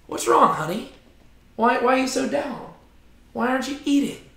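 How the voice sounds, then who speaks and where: Brief: a man doing a scheming queen, sugary and scornful, a bit higher, roomy sound. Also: sing-song, moderate pace, vocal fry, a bit bright, exaggerated voice. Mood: coaxing. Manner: coaxing then scornful, sweet-talking "honey". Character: scheming domineering queen wife, female adult.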